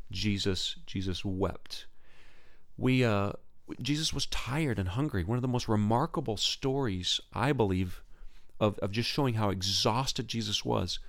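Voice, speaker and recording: A man hosting a Christian podcast, talking in an earnest, casual way, often repeating words and restarting, his pitch rising sharply when he gets excited. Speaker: podcast host.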